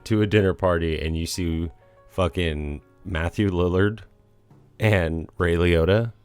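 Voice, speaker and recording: A man's voice: low voice, unhurried, clear, resonant tone, soft background music. A young man co-hosting a casual movie podcast, blunt and swearing casually. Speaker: podcast co-host.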